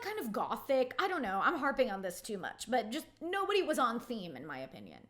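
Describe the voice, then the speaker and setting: A woman's voice: high-pitched, sharp tone. A young woman giving a casual, opinionated reality TV recap, chatty and gossipy, filling her talk with "like". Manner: chatty, gossipy, heavy use of "like".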